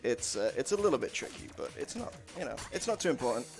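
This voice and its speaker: Chatty male speedrunner, animated delivery, music bed underneath. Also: medium pitch, fast talker, gravelly. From United Kingdom. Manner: chatty, jokey, laughs often. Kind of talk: casual live commentary on a game run.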